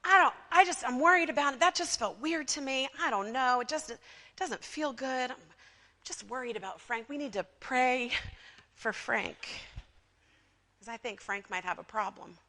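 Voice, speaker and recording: A woman voicing an older gossipy church lady who feigns worry, speaking in a hushed, confiding drawl with hesitant restarts. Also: high voice, brisk, voice pushed up. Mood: fretful. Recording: long reverb of a church sanctuary.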